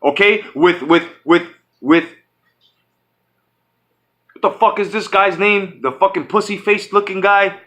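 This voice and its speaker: A man delivers a furious, profanity-laced rant to his channel's audience. His voice sits high and sounds bright and sharp. He trips over his own words, repeats phrases and starts sentences over as he vents. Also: measured pace, pauses often. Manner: profane, heated, repetitive; restarts and stumbles often. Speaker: channel host. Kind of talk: angry fan rant.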